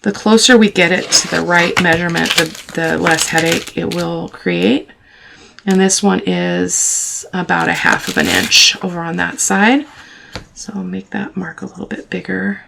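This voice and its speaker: A woman with a low, gravelly voice talks her viewers through a craft project at her table, chatty and quick to poke fun at herself. Paper crinkles and clicks sit under her voice, with steady background noise in the recording. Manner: chatty, talks to viewers while working, self-teasing. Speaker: craft channel host. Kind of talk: casual crafting tutorial.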